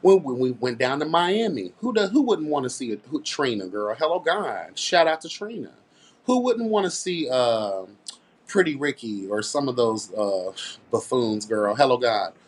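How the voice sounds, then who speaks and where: Brief: male commentary host, sassy, blunt, emphatic, mid-pitched voice. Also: sing-song, moderate pace. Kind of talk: casual commentary rant.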